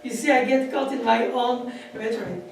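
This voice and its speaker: Male piano teacher, animated masterclass delivery, boomy hall sound. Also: normal speed, gravelly, a little hiss or hum. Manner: animated, laughing, counts beats aloud. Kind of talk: masterclass instruction. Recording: echoey hall from far off, piano. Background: piano playing.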